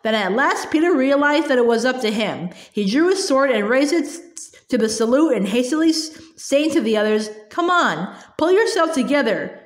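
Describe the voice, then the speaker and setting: A woman reads a children's fantasy novel aloud, pausing often and restarting phrases. Her voice is somewhat high and rings in a roomy, echoey space. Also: animated. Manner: hesitant, with frequent fillers and restarts. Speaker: storybook reader. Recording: roomy echo.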